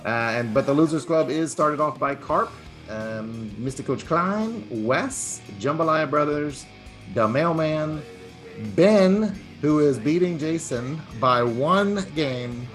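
A man's voice: fairly high pitch, expressive, faint music behind. Man rattling off standings with teasing asides. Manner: reads standings fast, teasing, filler-heavy. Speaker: podcast host. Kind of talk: casual sports chat.

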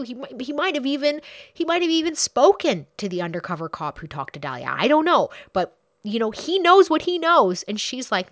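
Woman, true crime storyteller, casual and blunt, swears, expressive pitch, dry close sound. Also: normal speed, no room sound. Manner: chatty and blunt, swears, acts out quotes.

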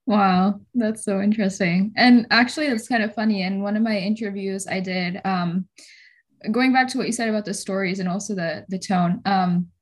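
A woman's voice: mid-range voice, steady tone, normal speed. A woman, the podcast interviewer, responding with enthusiasm and reflecting in a casual conversation.

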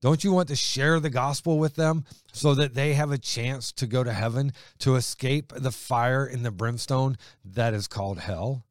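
A man preaching a sermon with fervent emphasis, his delivery rising loud and dropping quiet. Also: medium pitch, moderate pace, hardly any pauses, no echo, clean studio sound.

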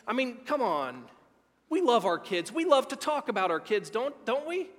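A middle-aged male pastor preaching a sermon, excitable and emphatic, swinging between near-shouting and hushed tones. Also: very high voice, moderate pace, long reverb tail. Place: church sanctuary.

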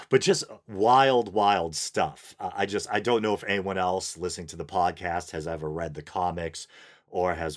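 A man hosting his own podcast, rambling casually with fillers and chuckles. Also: sits low. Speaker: podcast host. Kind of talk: casual solo podcast monologue.

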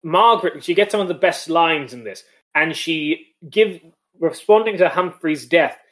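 A man's voice: on the high side, moderate pace, a bit bright. A man co-hosting a casual discussion, explaining points in an analytical way. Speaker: podcast co-host.

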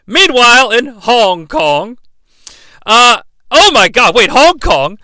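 Brief: a high, bright-toned man, sarcastic and rambling, with a dry, close sound. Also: sing-song, slow, dry recording. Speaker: host. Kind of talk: comedic movie review.

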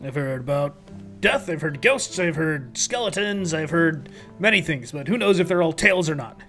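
Man voicing a talkative courier NPC; fillers, hesitant, friendly, a bit high-pitched. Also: animated, moderate pace, sharp tone, soft background music. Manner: rambling, hesitant, full of fillers. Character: chatty friendly male courier, middle-aged.

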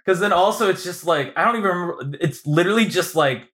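A man's voice: sits high, quick pace, a bit bright. A man co-hosting a podcast, chatting casually about a film, laughing often and acting out lines in mocking voices. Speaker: podcast co-host. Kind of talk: casual film discussion chat.

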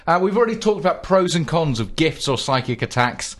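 A man's voice: on the high side, sing-song, brisk, fairly bright tone. A man co-hosting a comic podcast, playful and mock-grandiose, muttering asides. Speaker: podcast co-host. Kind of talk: comic banter.

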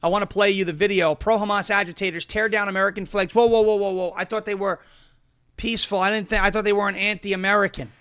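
A man's voice: high-pitched, fairly even intonation, fast, fairly bright tone. A man hosting a political talk show, reading ads and getting heated and emphatic. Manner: emphatic, rising to heated outbursts. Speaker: show host.

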